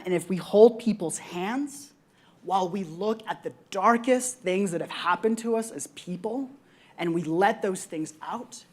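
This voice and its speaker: A young adult woman on a conference panel, earnestly telling a personal story with frequent ums and reflective pauses. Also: medium pitch, darkish tone.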